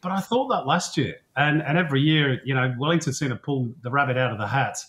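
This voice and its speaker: A man speaking as a football commentator guest, giving relaxed, chatty analysis with many fillers. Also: medium pitch, fast. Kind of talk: casual interview chat.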